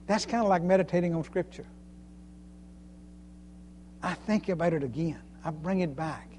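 A man's voice: sits high, a little mellow, a little hiss or hum. A man preaching a sermon in a folksy way, chuckling often and repeating phrases for emphasis. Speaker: preacher and Sunday school teacher.

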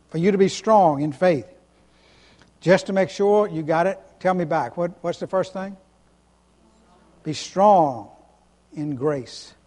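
A man's voice: high voice, darkish tone, long reverb tail. A man preaching a sermon as pastor, stressing single words, repeating himself and asking the congregation to answer back. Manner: emphatic, repeats words, asks the congregation questions.

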